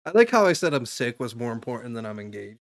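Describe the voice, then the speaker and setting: A very animated young man speaks fast in a mid-range voice during a live stream. He goes on at length with loose, casual advice for a stranger, stumbling through fillers and restarts.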